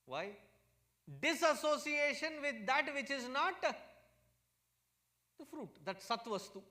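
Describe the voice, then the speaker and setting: Casting: lively Indian male spiritual teacher, high voice, swooping storyteller's delivery, playful humor. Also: slow pace. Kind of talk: storytelling satsang talk.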